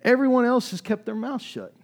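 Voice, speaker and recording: A male pastor giving a sermon in a conversational way, often dropping his voice low for emphasis. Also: very animated, a little fast. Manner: conversational preaching with sudden drops in volume; acts out quoted voices in reading.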